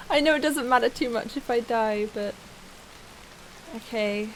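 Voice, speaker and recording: A woman's voice: fairly high pitch, a little slow, long pauses, a little hiss or hum. A woman hosting a let's play, commenting nervously as she explores, often dropping to a whisper and giving anxious laughs. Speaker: gaming video host.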